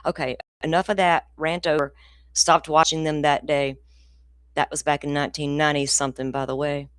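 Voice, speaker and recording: A woman's voice: sits low, flat delivery, fairly quick, smooth, no room sound, studio quality. A middle-aged woman, hosting a casual true crime livestream in a rambling, profane, ranty way.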